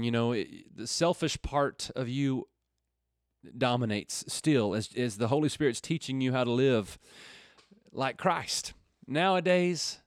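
A man's voice: medium pitch, no echo, clean studio sound. A middle-aged man teaching and praying on a Christian radio program, earnest and folksy, rising to fervent appeals. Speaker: radio preacher. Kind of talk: radio Bible teaching with prayer.

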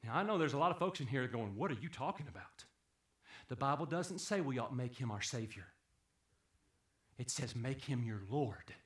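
A man preaching a sermon, swinging from hushed, low passages to loud, emphatic peaks. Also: lively intonation, moderate pace, roomy sound. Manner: dramatic swings from hushed to shouting.

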